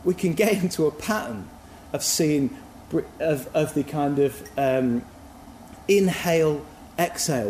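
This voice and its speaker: A man's voice: fairly high pitch, dark tone, roomy sound, slight background noise. A man giving a sermon in a reflective, musing, conversational way. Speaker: preacher.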